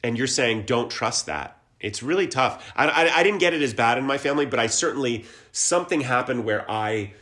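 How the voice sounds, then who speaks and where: A man in his forties, from Ohio, speaks as an interview guest at an ordinary pitch. He sounds earnest and reflective. He trails off and restarts his thoughts as he searches for the right words. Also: animated, brisk, hardly any pauses, sharp tone. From Columbus, Ohio. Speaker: guest, actor and musician. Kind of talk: casual conversational interview.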